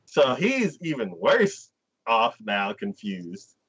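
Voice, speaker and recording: A man co-hosting a casual anime talk stream, retelling scenes with lively enthusiasm. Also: medium pitch, slow, husky, highs cut off. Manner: animated storyteller who acts out scenes. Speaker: co-host.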